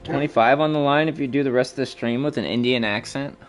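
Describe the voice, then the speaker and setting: A man's voice: medium pitch, fast talker, soft background music. A man streaming a game live, cursing and trash-talking opponents and chatting casually with viewers. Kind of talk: live gaming stream commentary.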